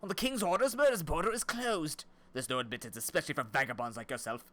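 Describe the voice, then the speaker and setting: A man's voice: a little high, fast talker, a bit bright, lightly acted. A man voicing a curt, dismissive male gate guard in a video game.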